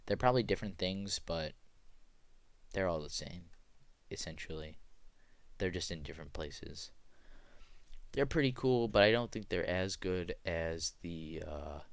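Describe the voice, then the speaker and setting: Low-voiced young man ranting about animals. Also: no echo. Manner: excitable, swings into loud mock anger. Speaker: student presenter. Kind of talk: casual tier-list rant.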